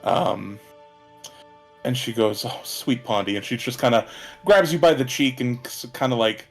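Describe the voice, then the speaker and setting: A man narrating as game master, halting, with many ums and restarts. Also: mid-range voice, animated, vocal fry, faint music behind.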